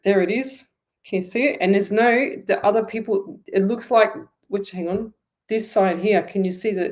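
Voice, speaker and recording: A woman with an Australian accent hosts a live online psychic reading show. Her voice sits a little low. She talks in a chatty, rambling way and speaks straight to her viewers. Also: a little mellow. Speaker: psychic medium host.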